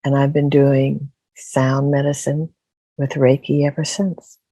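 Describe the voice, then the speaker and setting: An older woman speaks slowly with a gravelly, creaky edge. She tells her story as a podcast guest and repeats phrases for emphasis. Her voice sounds dry and close, with no room around it. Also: rumbling low, flat delivery, warm tone, no room sound. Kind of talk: casual interview storytelling.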